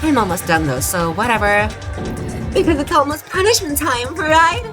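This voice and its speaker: A woman's voice: high-pitched, animated, moderate pace, over music, pitched above the performer's own voice. A woman reading a game's villainous schoolgirl mastermind, obsessed with despair, in a melodramatic, mood-swinging voice. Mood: taunting. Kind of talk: reading game dialogue aloud.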